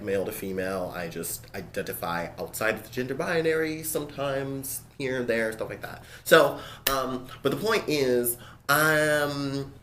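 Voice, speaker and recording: A gender-fluid vlogger with a man's voice, ranting to camera in a casual, animated and exasperated way, swearing often. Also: medium pitch, a little hiss or hum. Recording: echoey room with faint ambience.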